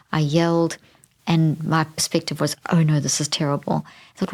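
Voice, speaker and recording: A woman's voice: deep voice, flat delivery, fairly quick, darkish tone. A middle-aged woman hosting a podcast, telling a candid personal story in a reflective way, with frequent restarts. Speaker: podcast host.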